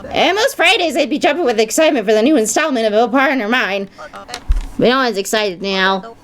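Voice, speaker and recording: A woman's voice: fairly high pitch, moderate pace, a bit bright, soft background music, close to an everyday voice. A woman voicing a sleepy, rambling gatekeeper from a video game who keeps losing her words. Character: drowsy gatekeeper who raises a heavy gate.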